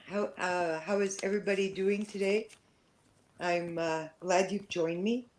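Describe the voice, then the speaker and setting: A Canadian woman with a faint French-Canadian lilt chats slowly through her first livestream. She pauses often, fills gaps with "uh" and "um," and sounds nervous but thankful. Her voice sits fairly low for a woman. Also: fairly even intonation, darkish tone, rough recording. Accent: slight French-Canadian. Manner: hesitant, filler-heavy, nervous and grateful. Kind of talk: casual live-stream chat.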